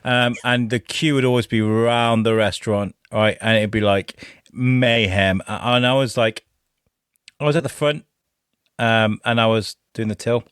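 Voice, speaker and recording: A man's voice: on the low side, steady tone, measured pace, fairly bright tone, clear, resonant tone, no echo, studio quality. A man, a podcast host telling a story in casual chat, swearing and laughing often.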